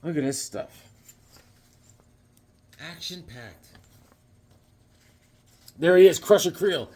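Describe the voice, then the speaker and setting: Guy rambling about his comic books, corny jokes, slightly higher voice. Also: animated, takes it slowly, dark tone, breathy edge. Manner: rambling and jokey, full of corny puns and asides. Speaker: comic book collector and channel host. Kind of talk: casual comic book review chat.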